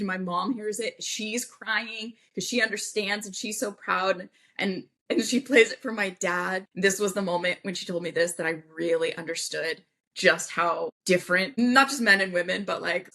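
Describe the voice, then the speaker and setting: A woman guest on a podcast, telling a personal story in an animated way and acting out the voices of people she quotes. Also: mid-range voice. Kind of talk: casual storytelling interview.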